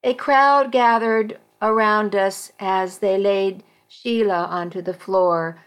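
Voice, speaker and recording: A woman narrating a story aloud in first person, slow and careful, now and then correcting herself. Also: mid-range voice, fairly even intonation, smooth.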